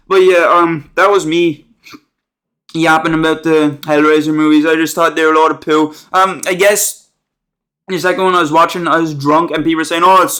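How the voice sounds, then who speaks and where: A man's voice: a little high, fairly bright tone. A young man ranting about movies in a casual, sarcastic, rambling way, full of slang, fillers and restarts. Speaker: movie reviewer.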